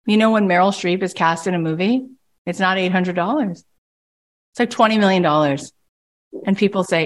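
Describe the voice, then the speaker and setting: A woman's voice: mid-range voice, a little fast. A woman coach leading a group call, talking emphatically and bluntly and jumping into mocking voices to make her points. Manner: emphatic and animated, with big swings into mocking voices; blunt and profane at times. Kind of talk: impassioned coaching talk.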